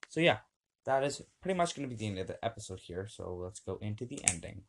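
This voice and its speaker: Reading lists from a screen, this young home podcast host rambles cheerfully, dropping in plenty of fillers. He talks quickly in a fairly low, sing-song voice.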